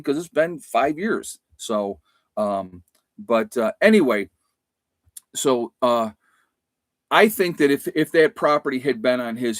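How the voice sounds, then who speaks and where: A man's voice: mid-range voice, dry recording. A man hosting a live stream, talking casually and rambling with lots of fillers and restarts. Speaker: livestream host.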